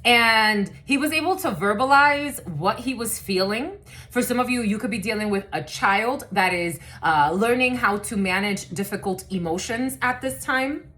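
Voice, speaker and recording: A woman's voice: fairly high pitch, moderate pace, sharp tone. A woman giving a casual, chatty collective tarot reading, cursing freely and using many fillers. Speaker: tarot reader.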